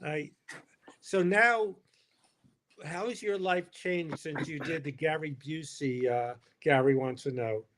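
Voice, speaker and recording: A man's voice: a little high, slow pace, a bit bright, a little hiss or hum. A man co-hosting a live comedy stream in casual chat, laughing often and restarting his sentences.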